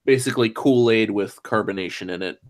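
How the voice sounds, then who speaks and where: A man's voice: on the low side, a little fast. A man chatting casually on a stream, laid-back and blunt, swearing now and then.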